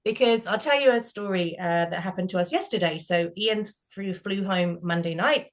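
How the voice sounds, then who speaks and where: A middle-aged woman with a British accent, hosting a group discussion and telling stories in a casual, animated way, acting out the voices of people in them. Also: medium pitch, moderate pace. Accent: British English. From Britain. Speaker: group session host.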